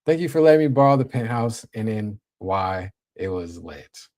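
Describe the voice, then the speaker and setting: A young man hosting a casual livestream, talking in a laid-back, slang-heavy way while reading and shouting out his chat. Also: lowish voice, lively intonation, normal speed. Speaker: livestream host.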